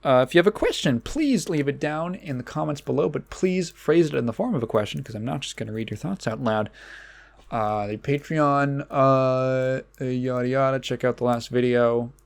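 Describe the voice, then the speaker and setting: A man's voice: mid-range voice, moderate pace, creaky. A man hosting a casual solo podcast, rambling along with many fillers and restarts. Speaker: podcast host.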